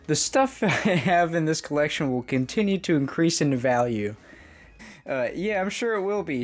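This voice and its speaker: Brief: man, slightly higher voice, comic storyteller who laughs through his lines, faint music underneath. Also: expressive, moderate pace. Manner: laughs often, reads both sides of chats. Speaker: prank storyteller reading chats. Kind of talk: comedic storytelling, reading messages aloud.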